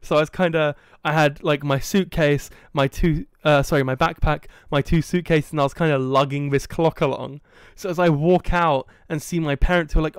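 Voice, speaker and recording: A young man from England hosting a podcast, telling a story in a casual, animated way and acting out the quoted dialogue. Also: a little high, brisk, clear, resonant tone, no echo, clean studio sound. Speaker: podcast host.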